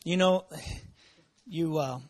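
Preaching at a slow pace, a pastor repeats phrases and interjects words of praise, his delivery ranging from quiet murmurs to shouts for emphasis.

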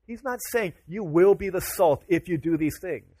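A man's voice: high voice, moderate pace, warm tone, slightly rough, no echo. A man preaching a sermon to his congregation, casual and chatty, rising to emphatic declarations. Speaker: pastor.

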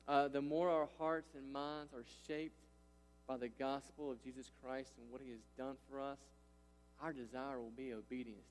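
A long hall reverb carries the mid-range, slightly mellow voice of a pastor in his thirties as he preaches. He is emphatic, often checking in with listeners through repeated "right?" and "listen."

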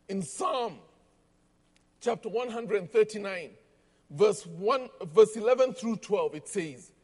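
A man preaching a sermon, slow and emphatic, repeating key lines for weight. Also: very high voice, a little mellow, breathy edge, in a large hall. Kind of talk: sermon with storytelling.

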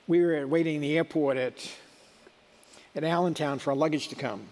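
A man's voice: on the high side, fairly even intonation, fairly quick, darkish tone, long reverb tail. A middle-aged man giving a sermon in a conversational, folksy way, with asides and restarts. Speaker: preacher.

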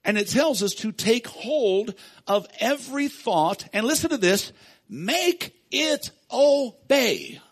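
A man's voice: high-pitched, animated, a little slow. A man preaching a sermon as pastor, emphatic, repeating key phrases and calling out to the congregation.

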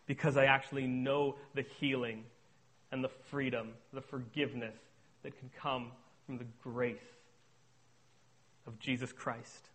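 Young male speaker, sermon testimony, earnest, alternates hushed and emphatic, mid-pitched voice. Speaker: speaker on addiction recovery.

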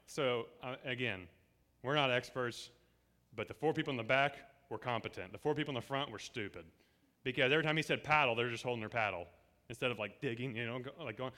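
A man preaching to a church congregation, telling a story in a casual way and acting out the dialogue he quotes. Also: mid-range voice. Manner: lively, acts out quoted dialogue. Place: church service before a congregation.

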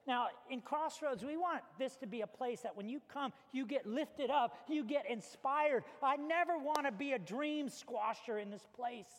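A man preaching a storytelling sermon as pastor, animated and conversational with casual fillers. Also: very high voice, moderate pace, few pauses. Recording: long hall reverb.

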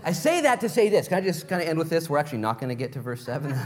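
Pastor guy chatting through a sermon, kinda high voice, lots of questions to the crowd. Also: sing-song, very fast. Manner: casual, conversational preaching with rhetorical questions.

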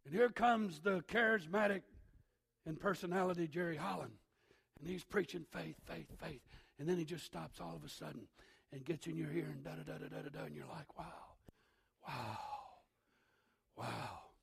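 Male pastor, raspy and gravelly, slightly high, emphatic sermon with shouts and hushes. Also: brisk.

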